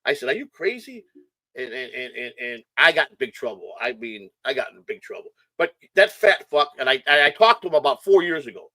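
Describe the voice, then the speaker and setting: Hyper middle-aged guy from chicago rattling off stories, bright and dry. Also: mid-range voice, dry recording. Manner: hyper, rapid storytelling with swearing. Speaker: guest. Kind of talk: casual chat.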